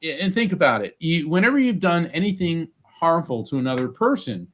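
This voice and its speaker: A man's voice: fairly high pitch, fairly quick. A man guesting on an interview podcast as a psychic medium, telling stories and acting out what others said. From United States. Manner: animated storyteller, acts out quoted voices. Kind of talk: storytelling interview.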